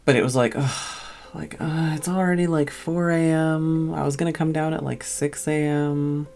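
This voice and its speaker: A woman's voice: sits low, fairly even intonation, normal speed, darkish tone. Tired woman rambling through a story. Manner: rambling, lots of "like" fillers. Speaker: streamer. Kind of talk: casual storytelling.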